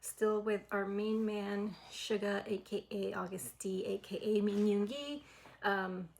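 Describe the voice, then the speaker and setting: Woman, reaction-channel host, creaky voice, excitable and rambling. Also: medium pitch, low-quality recording. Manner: excitable and chatty, heavy on "like". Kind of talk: casual reaction vlog.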